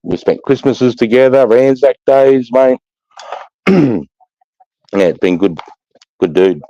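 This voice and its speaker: A man's voice: medium pitch, slow pace, vocal fry, pauses often, mellow, no echo, lo-fi sound. A man in his fifties with an Australian accent, rambling and swearing freely as he tells stories in a casual chat. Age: 50s. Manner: rambling, profane, blokey storytelling.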